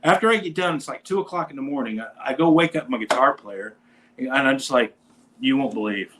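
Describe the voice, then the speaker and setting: At a quick pace and medium pitch, a man who is a musician guest on a talk show tells a lively, casual anecdote, acting out what people said. A little hiss or hum sits in the recording.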